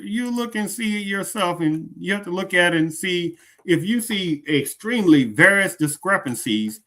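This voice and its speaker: A man's voice: sits high, fairly bright tone. A man hosting a commentary show, reacting to a clip and asking his audience repeated rhetorical questions. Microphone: streaming setup.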